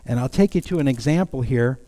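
A man preaching a sermon with a mellow, warm tone and a folksy, self-deprecating humor. His mid-pitched voice carries a long hall reverb. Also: brisk. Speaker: pastor.

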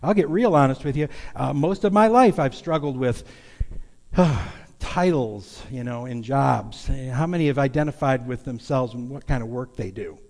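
A man's voice: mid-range voice, animated, moderate pace, darkish tone, big-room sound. A man pastor giving a folksy, conversational sermon in a church sanctuary, talking openly to the congregation. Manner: folksy, conversational, confessional preaching.

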